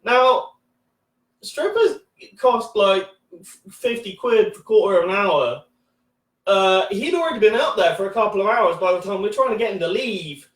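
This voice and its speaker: A high-pitched man in his thirties rambles through a first stand-up set, stumbling over restarts and fillers and swearing freely. He is heard from a distance, and the room rings with echo around him. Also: animated, normal speed. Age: 30s. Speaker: stand-up comedian.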